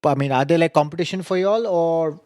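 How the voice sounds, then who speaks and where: A man's voice: fairly high pitch, fast talker. A man hosting a podcast interview, asking questions and giving short acknowledgements. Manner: brief acknowledgements, lively questions.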